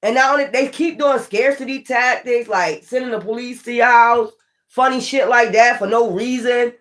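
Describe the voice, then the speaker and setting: Animated, profane woman reading tarot. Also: fairly high pitch, moderate pace. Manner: animated, profane, laughing often, talking straight to the viewer. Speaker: tarot reader. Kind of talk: casual spiritual tarot reading.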